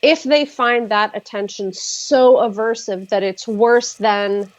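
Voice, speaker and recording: A woman therapist talking casually on a livestream video call, measured and thoughtful with frequent fillers. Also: on the high side, fairly even intonation, no echo, highs cut off. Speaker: therapist, regular guest.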